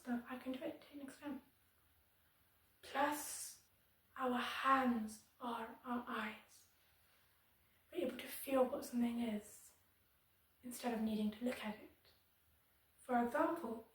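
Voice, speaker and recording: A woman speaks firmly and earnestly in a slightly high voice, addressing her viewers directly. The recording is very echoey, with her voice set back from the mic. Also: recorded from a distance. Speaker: disability vlogger. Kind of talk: direct-to-camera advocacy commentary. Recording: very echoey room, voice somewhat off-mic.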